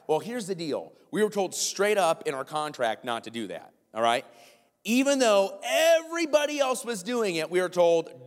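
A man preaching a sermon, telling a long personal story with lively quoted voices and asides to listeners. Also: a little high, fairly quick. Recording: long hall reverb.

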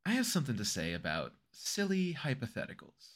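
A man co-hosting a podcast in casual comedic chat, jokey and quick to break into giggles. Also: mid-range voice, huge pitch swings. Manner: giggly, jokey, trails off into laughter. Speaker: podcast co-host.

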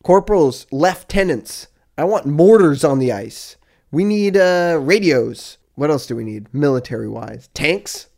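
A man co-hosting a comedy podcast, his fairly high voice bouncing around with lively pitch. He riffs playfully, piling up wordplay and mock-serious declarations. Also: a little slow, gravelly. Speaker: podcast co-host. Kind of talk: improvised comedy podcast banter.

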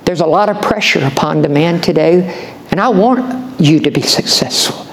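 A man's voice: fairly high pitch, lively intonation, normal speed, a little hiss or hum, low-quality recording. A man preaching a sermon as pastor, impassioned, folksy and repetitive.

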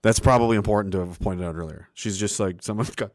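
A man hosting commentary in a sarcastic, animated way, laughing often. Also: lowish voice, fast, background noise. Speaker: commentary host.

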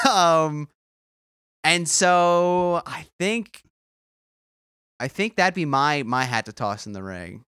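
A man with a bright, lively voice that swings up and down chats on a comedy podcast. The sound is dry and close, and he laughs easily as he riffs. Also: a little high, clear, resonant tone, dry recording. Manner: animated, giggly, quick to laugh. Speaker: podcast co-host. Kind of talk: casual comedic chat.

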